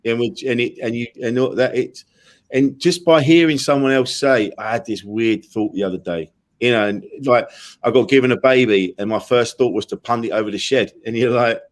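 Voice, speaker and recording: A man's voice: medium pitch, fairly quick. A man, a comedian guest on a talk show, chatting casually and acting out his inner voices with jokes. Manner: animated, jokey, acts out inner voices. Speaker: comedian and podcast host, guest. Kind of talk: casual chat.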